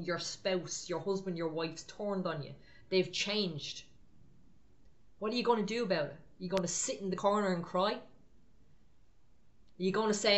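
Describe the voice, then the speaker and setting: A woman's voice: mid-range voice, steady tone, normal speed, long pauses. A woman preaching a sermon, firm and exhorting in a conversational way.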